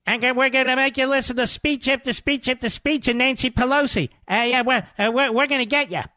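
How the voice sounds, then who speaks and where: A man's voice: brisk, sharp tone, no room sound. A man putting on a whiny, taunting voice of boastful male politicians, making threats with stumbling fillers. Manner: high sneering mock voice, stumbling threats.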